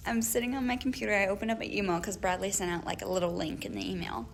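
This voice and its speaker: A young woman co-hosting a casual chat podcast, telling an animated story with lots of laughs and acted-out emails. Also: medium pitch, fast, vocal fry, slight background noise. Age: young adult. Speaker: podcast co-host.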